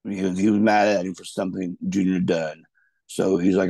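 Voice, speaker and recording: A former pro wrestler, appearing as a guest in a casual storytelling interview, tells loose, rambling stories about his career, often restarting sentences. His low, gravelly voice is dark and mellow with a level tone and a brisk pace. The sound is dry and close, with no room sound.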